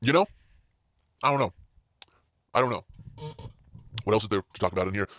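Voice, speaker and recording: A man's voice: fairly low pitch, fairly quick, fairly bright tone. A man hosting a casual solo podcast from inside a parked car, rambling along with plenty of fillers and restarts. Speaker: podcast host.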